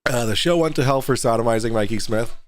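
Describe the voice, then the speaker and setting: A man's voice: mid-range voice, fast talker, no echo. A man hosting a casual livestream talk show, joking, swearing and laughing a lot.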